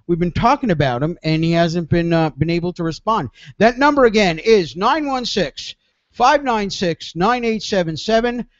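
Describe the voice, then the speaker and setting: A man's voice: high voice, lively intonation, moderate pace, no room sound, highs cut off. A man hosting a casual radio show, telling stories in a rambling, laughing way.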